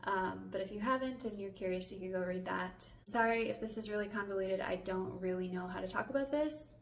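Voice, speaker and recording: Young female vlogger, mid-pitched, halting and soft, recorded a little off-mic in a reverberant small room. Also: slight background noise. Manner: soft-spoken, hesitant, many fillers, holding back tears. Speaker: family vlogger. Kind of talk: casual vlog to camera. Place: home bathroom. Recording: echoey bathroom, mic at a distance.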